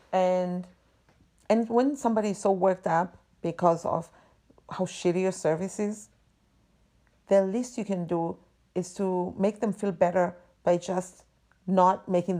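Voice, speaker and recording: Woman ranting on her podcast, warm low-key tone but super exasperated, lots of swearing. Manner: exasperated, profane, emphatic. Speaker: podcast host. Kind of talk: ranting monologue.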